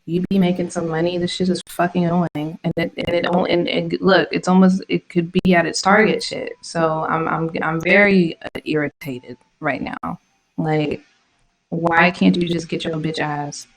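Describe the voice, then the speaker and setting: A woman's voice: on the low side, little pitch movement, normal speed, low-quality recording. A woman vlogging her trades in casual live commentary, slangy and irritated, swearing often. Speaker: trading vlogger.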